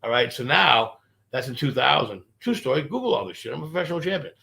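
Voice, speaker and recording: Brief: male comic, rapid-fire, gravelly, swears freely while spinning long stories. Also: mid-range voice. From Boston. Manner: profane, animated, rambling anecdotes. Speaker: stand-up comedian guest. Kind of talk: casual storytelling interview.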